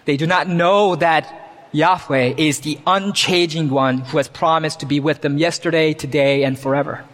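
A man's voice: on the high side, fairly even intonation, normal speed, fairly bright tone, in a large hall. A man preaching a sermon as pastor, earnest, reading scripture with rising emphasis. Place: church.

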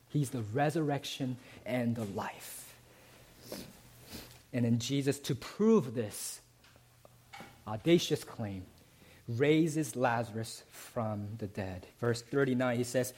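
A man preaching a sermon, who often asks the congregation "right?" and moves between emphatic climbs and soft, low passages. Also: unhurried. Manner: rising to emphatic peaks, then dropping soft and low. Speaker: pastor.

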